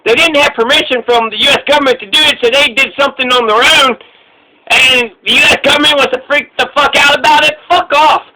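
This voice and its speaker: Man, American, very high voice, bright tense tone, angry, sarcastic, swearing political rant. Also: fast talker, slight background noise, rough recording. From United States. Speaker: political commentator. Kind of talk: profane ranting monologue.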